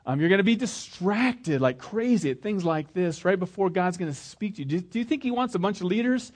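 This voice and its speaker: A man's voice: sits high, animated, fairly quick. A male pastor preaching a conversational sermon, asking the congregation questions as he goes.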